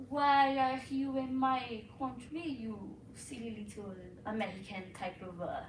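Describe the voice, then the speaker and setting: A young woman on stage doing a bossy, pompous accent teacher with a fake British accent, her voice high and swooping at an unhurried pace. She is heard from a distance in an echoey school hall with steady background noise. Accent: put-on British. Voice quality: theatrical, exaggerated, pompous. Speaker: student competitor performing a comic piece. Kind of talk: humorous stage performance. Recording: echoey hall from far off, noisy.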